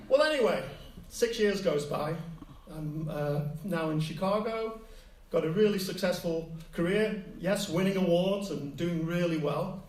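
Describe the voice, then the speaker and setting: Animated storytelling man on a stage. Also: high voice, measured pace. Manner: animated, acts out quoted voices. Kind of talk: live personal storytelling. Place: stage before a live audience. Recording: echoey hall, distant mic, faint hiss.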